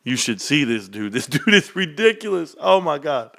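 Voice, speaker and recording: A man's voice: fairly high pitch, big pitch swings, normal speed, gravelly, a bit bright. A man hosting a casual livestream, telling rambling joking stories with lots of "bro" and frequent laughter. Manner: rambling, joking storyteller who says "bro" a lot. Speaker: stock livestream host.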